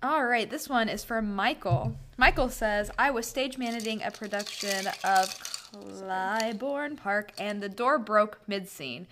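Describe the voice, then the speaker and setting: A woman's voice: mid-range voice, measured pace, noisy background. A young woman co-hosting a podcast, chatting casually, reading listener stories aloud and laughing often. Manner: laughs often, chimes in with quips. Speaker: podcast co-host.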